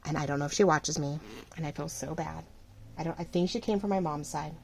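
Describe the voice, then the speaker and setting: A middle-aged woman running a small shop, chatting casually and rambling while she crafts, full of fillers and lively ups and downs. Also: deep voice, brisk, vocal fry, slight background noise. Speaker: craft vlogger and shop owner.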